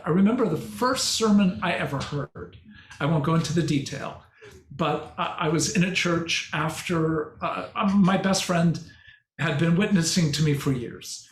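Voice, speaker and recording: An older man giving a conference talk and answering questions, speaking slowly and reflectively with halting restarts. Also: on the high side. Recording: echoey hall with faint noise.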